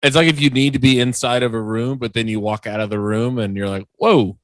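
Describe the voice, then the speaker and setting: A man's voice: medium pitch, fairly even intonation, quick pace, a bit bright, no echo. A man co-hosting a podcast over a video call, sarcastic and teasing his co-host. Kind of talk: casual chat.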